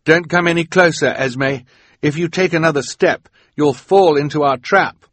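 A man's voice: a little high, moderate pace, a bit bright, no room sound, voice pushed up. A man voicing an earnest, brave young boy who cries out urgently. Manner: urgent crying out.

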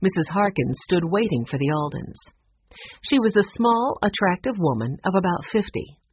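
A narrator reading a children's storybook aloud in a clear, expressive way. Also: medium pitch, moderate pace, slight background noise. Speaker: audiobook narrator. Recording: dull lo-fi recording.

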